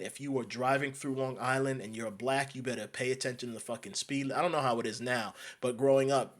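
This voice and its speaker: A New York man, a commentator, delivers an emphatic, ranting monologue in a medium-pitched, slightly bright voice, repeatedly restarting and repeating phrases.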